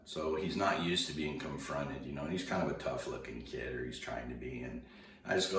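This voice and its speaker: Man, extremely deep voice, rambling storyteller, roomy echo, distant mic. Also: animated, fairly quick, slight background noise. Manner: rambling, conversational, with repeated restarts and quoted dialogue. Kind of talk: casual storytelling. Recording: echoey room heard from a distance.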